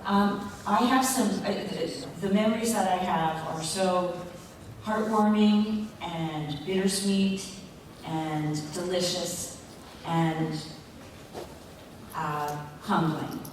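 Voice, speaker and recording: Woman, convention panelist, thoughtful, halting delivery, heavy room echo, distant mic, faint noise. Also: lowish voice, steady tone. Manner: reflective, halting with pauses and fillers. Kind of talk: panel talk. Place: large convention hall. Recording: echoey hall, mic far off.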